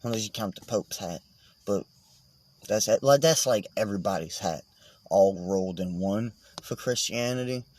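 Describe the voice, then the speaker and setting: A man's voice: lowish voice, normal speed, a little mellow. A man vlogging in a casual, meandering monologue, swearing and joking as he goes.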